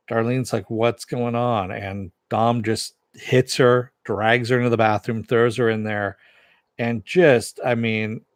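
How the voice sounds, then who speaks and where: A man's voice: mid-range voice, dry recording, studio quality. A man casually recapping and reviewing a TV episode, telling it in a rambling way with lots of fillers. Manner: rambling, filler-heavy retelling.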